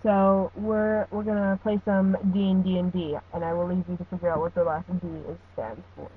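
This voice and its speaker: A woman's voice: on the low side, little pitch movement, brisk. Joking, giggly female podcast host; tinny phone-like sound, faint hiss. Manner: giggly, jokey, laughs often. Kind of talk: casual podcast chat.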